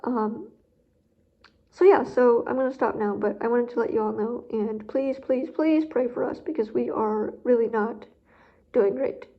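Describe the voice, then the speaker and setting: Drained woman rambling candidly, slightly high. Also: a little slow. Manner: rambling and candid, with many fillers. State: emotionally drained. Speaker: guide dog handler vlogger. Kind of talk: candid personal vlog. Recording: dull lo-fi recording.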